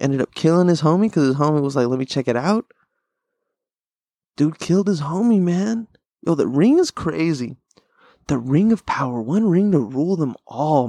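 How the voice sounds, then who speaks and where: A man's voice: medium pitch, darkish tone, dry recording, clean studio sound. A young man hosting a podcast, chatting casually in a rambling, profane way, laughing often. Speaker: podcast host. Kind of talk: casual chat.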